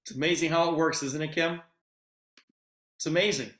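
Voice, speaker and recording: A man's voice: fairly high pitch, steady tone, normal speed, fairly bright tone, echoey room. A man hosting a sales video call, talking in an urgent, emphatic and enthusiastic way.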